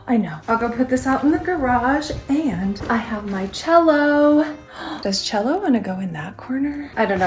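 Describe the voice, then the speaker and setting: Brief: young woman, high bright voice, chatty upbeat home vlogger thinking aloud while tidying. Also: noisy background. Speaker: lifestyle vlogger. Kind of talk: casual thinking-out-loud vlog. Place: apartment room with a loud air conditioner.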